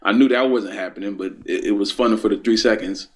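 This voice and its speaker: Man, lowish voice, casual chat, stammering, repeats words. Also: brisk. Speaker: wrestling podcast co-host.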